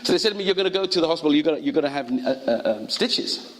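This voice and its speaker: A male pastor preaching a sermon, telling stories and acting out the voices of the people in them with sudden high cries. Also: lively intonation, very fast. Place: college chapel or hall. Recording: long hall reverb.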